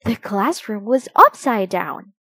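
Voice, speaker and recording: A woman reading a children's picture book aloud, slowly and expressively for young listeners. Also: mid-range voice, big pitch swings, bright, forceful tone, no room sound. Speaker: storybook reader.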